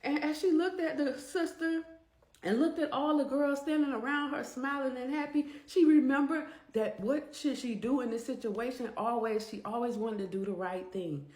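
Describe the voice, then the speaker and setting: Animated woman telling a story. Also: sits high, normal speed. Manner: animated, conversational. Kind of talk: storytime narration. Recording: echoey room.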